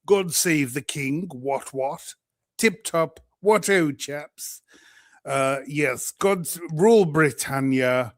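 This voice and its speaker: A man's voice: a little high, takes it slowly. A man putting on a pompous upper-class old Englishman, with exaggerated posh British enunciation.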